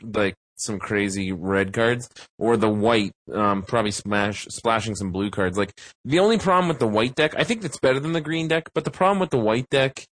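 A man banters on a podcast with a lively, swooping voice. He jokes and plays defensive with his co-hosts. His sound is close and dry. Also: lowish voice, normal speed, hardly any pauses, no room sound. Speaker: podcast co-host.

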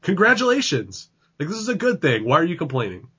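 A man's voice: on the high side, wildly swooping pitch, fast talker, bright, forceful tone, husky. A man co-hosting a podcast, talking casually and loosely, full of fillers. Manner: loose, filler-heavy talk with frequent "like". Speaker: podcast co-host. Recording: dull lo-fi sound.

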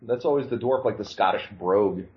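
A man co-hosting a podcast in casual chat, lively and given to quick mock voices. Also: fairly low pitch. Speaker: podcast co-host. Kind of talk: casual chat about card games. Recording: slightly dull lo-fi audio.

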